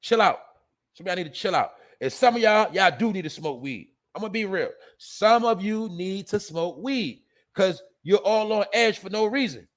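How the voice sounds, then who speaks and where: A man hosting a casual live stream, talking loosely in street slang and shouting out viewers in the chat. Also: high voice, expressive, normal speed.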